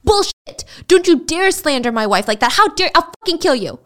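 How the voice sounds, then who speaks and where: A woman voicing a furious, hot-headed man who yells curses and threats. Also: fairly high pitch, animated, fairly quick, natural voice. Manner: yelling, cursing.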